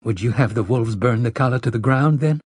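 A man with a husky voice voicing a frantic middle-aged farm mother in an audiobook, talking in a pleading, sharp rustic dialect. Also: medium pitch, a little fast, no echo, studio quality, natural voice. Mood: bitter. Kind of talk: audiobook character voice.

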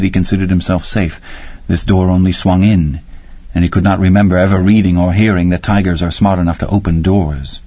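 Low, husky male storyteller. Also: dry recording, muffled recording. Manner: measured, even storytelling. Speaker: narrator. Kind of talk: audiobook narration.

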